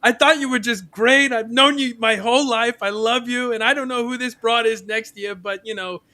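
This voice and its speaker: A man's voice: very high voice, fairly even intonation, moderate pace, bright, forceful tone, pitched above the performer's own voice. A man voicing a heavyset older male fan who gushes with breathless, fawning praise.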